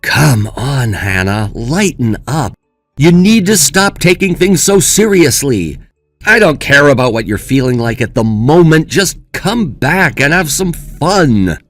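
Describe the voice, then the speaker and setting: This is a man doing a careless young groom who mocks his upset bride. His pitch swings a lot as he taunts, and the voice sits dry and close. Faint music plays behind him. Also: very animated, measured pace, a bit bright, dry recording. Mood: mocking. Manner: dismissive, taunting.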